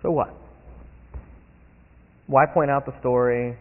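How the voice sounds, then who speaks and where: A man preaching a sermon, retelling a Bible story in animated storytelling style and acting out the characters' lines. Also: medium pitch, slow pace. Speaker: pastor. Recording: tinny phone-like sound in a long-reverb hall.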